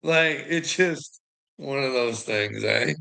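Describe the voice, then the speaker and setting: Slow, bright-voiced Canadian man swearing. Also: mid-range voice, gravelly. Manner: profane, laughs often between sentences. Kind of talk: rambling casual monologue.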